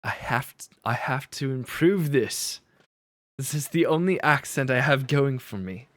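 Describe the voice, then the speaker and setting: A man's voice: mid-range voice, a little slow, fairly bright tone, dry recording, studio quality. A man hosting a livestream, chatting casually and laughing at himself as he talks about accents. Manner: chatty, laughing, self-deprecating. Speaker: livestream host. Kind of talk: casual chat with chat.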